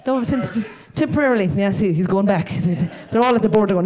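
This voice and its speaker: An Irish woman doing a stand-up comedy set on a live stage with a handheld mic, rambling and self-deprecating with dark humour. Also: mid-range voice, brisk.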